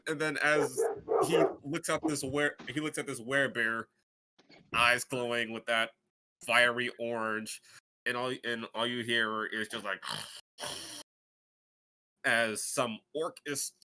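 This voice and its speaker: A man at a tabletop game tells his character's fight in a rush, laughing and rambling. His voice is bright and lively, jumping up and down in pitch. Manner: excited, rambling, laughing storyteller. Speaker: player. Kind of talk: casual tabletop game narration.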